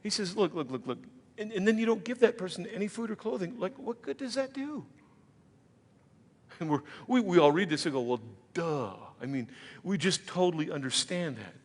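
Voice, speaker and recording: A man preaching a sermon as pastor, conversational, slipping into quick voices of imagined listeners. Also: high voice. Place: church sanctuary. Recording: church hall with long reverb.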